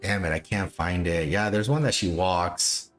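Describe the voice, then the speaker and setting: A man's voice: low voice, moderate pace, a bit bright, faint music behind. A man hosting a livestream, chatting casually and repetitively with frequent chuckles. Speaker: livestream host.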